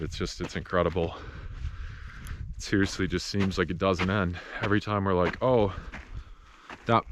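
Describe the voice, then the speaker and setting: A man from Wisconsin vlogging outdoors in the desert, out of breath and telling a story in a rambling, low-key way. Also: noisy background. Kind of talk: casual vlog narration.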